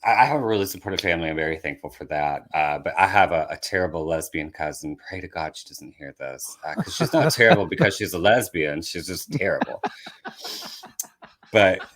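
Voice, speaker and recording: A young man with a very low voice tells personal stories on a podcast, candid and self-deprecating. He slips into his family members' voices as he goes, keeping it casual and easygoing. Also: lively intonation, brisk, a bit bright. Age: young adult. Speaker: comedian guest.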